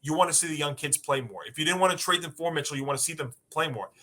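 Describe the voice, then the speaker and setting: Male sports show co-host, punchy, emphatic, very bright, fairly high voice. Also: fast. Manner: emphatic, rattles off lists. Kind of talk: sports talk debate.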